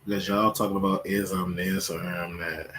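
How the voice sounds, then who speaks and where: A man hosting a casual livestream from home, talking to his viewers in a slow, meandering way with lots of fillers. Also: sits low, little pitch movement, a bit bright, slight background noise. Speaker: livestream host.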